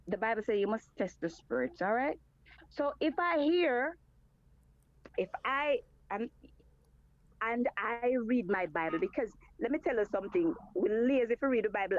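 Woman caller on a faith show; fervent, stammering starts, rather high voice over a muffled, dry line. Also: expressive, normal speed, no echo. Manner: fervent, repeats words when starting. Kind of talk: call-in faith chat.

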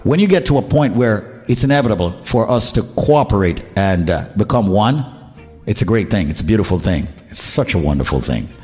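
A man's voice: on the low side, animated, fairly quick, a little mellow. A Jamaican man hosts a radio show, speaking emphatically and with strong opinions. His voice carries a long reverb tail, and faint music plays behind him. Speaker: radio host. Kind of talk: casual radio talk.

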